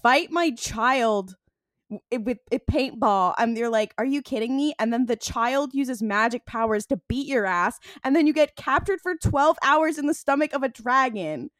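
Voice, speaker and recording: A woman co-hosting a podcast, chatting in an excitable way, laughing and swearing as she talks. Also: fairly high pitch, normal speed, dry recording, studio quality. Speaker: podcast co-host. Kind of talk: casual chat.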